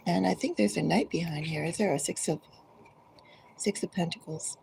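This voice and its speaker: A woman giving a collective tarot reading, speaking directly to each zodiac sign in an unhurried, musing way. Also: fairly low pitch, gravelly, a little mellow, a little hiss or hum, low-quality recording. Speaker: tarot reader.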